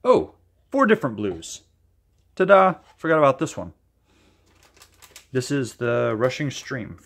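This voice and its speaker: In a relaxed demo for his acrylic pouring channel, a man eagerly talks to the camera and reasons aloud while mixing colors. His medium-pitched voice is sing-song, creaky, a bit bright, and unhurried.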